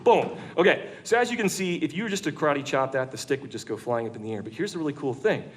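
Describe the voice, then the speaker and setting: Speaking quickly to a large church room full of people, a male preacher tells the story in a conversational, joke-filled sermon. His voice is a little higher than most men's, and he keeps it animated and playful.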